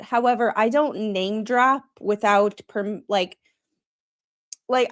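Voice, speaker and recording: A woman from Wisconsin with a Wisconsin accent, chatting casually with viewers on a live stream and chuckling as she reacts. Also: mid-range voice. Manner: chatty, chuckles often, talks straight to viewers. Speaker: streamer reacting to body cam footage.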